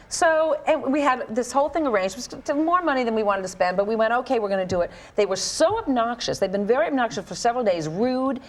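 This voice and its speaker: Lively woman co-hosting a talk show. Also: a little high. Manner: animated, joking, tells family stories. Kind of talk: daytime talk show banter.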